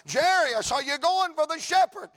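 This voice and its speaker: A man voicing a curious passerby who keeps asking questions in a high, insistent voice. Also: lively intonation, moderate pace, a bit bright, no echo, clean studio sound. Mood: questioning. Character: curious adult male passerby, eager and questioning.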